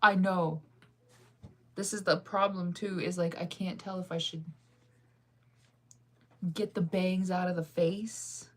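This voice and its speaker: A young woman vlogging at home in a low-ish voice, chatting casually to her viewers. She rambles and second-guesses herself, talking in loose, looping thoughts with frequent laughs. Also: level tone, measured pace, pauses often. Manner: rambling, indecisive, laughing often.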